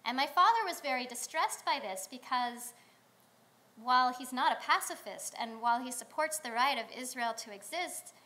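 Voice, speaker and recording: A woman rabbi delivering a sermon in a synagogue, telling stories in a conversational way with pauses. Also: sits high, pushed and bright. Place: synagogue sanctuary.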